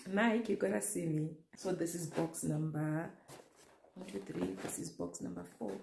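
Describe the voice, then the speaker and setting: A woman's voice: on the low side, normal speed, creaky. A young woman vlogging an unboxing in a casual, gushing way, talking straight to her viewers. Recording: echoey room with faint noise.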